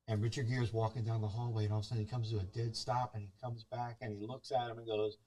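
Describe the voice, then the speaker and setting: A man's voice: on the low side, steady tone, fast talker, warm tone, far from the mic. A man on a movie review talk show, retelling a film's story in casual chat and acting out the scenes.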